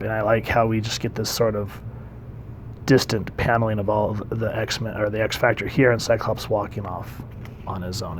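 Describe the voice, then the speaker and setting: A man's voice: lowish voice, slight background noise. A man casually reviewing a comic book, conversational and enthusiastic, with frequent ums. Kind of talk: casual commentary.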